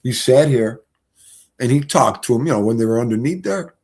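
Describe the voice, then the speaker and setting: A man's voice: mid-range voice, lively intonation, brisk, darkish tone, husky. A man, live-streaming and chatting casually in a rambling, folksy storytelling way.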